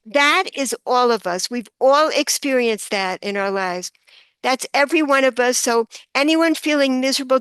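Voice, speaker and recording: An older woman, a guest author on a podcast, telling a story earnestly and slowing down for emphasis. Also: sits high, fairly bright tone, dry recording. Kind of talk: podcast interview.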